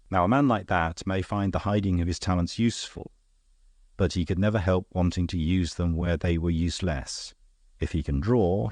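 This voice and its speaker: A deep-voiced, worldly gentleman detective, as a man reads him aloud, explaining himself in a calm, dry, knowing way. The audiobook sound is close and dead, with no room around it. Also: dry recording.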